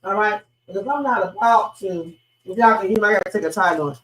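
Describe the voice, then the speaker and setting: Streamer reacting to clips, cussing a lot, talks right to chat, middle pitch. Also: fast, a bit bright. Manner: blunt, profane, talks straight to viewers. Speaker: livestream host. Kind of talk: casual reaction commentary.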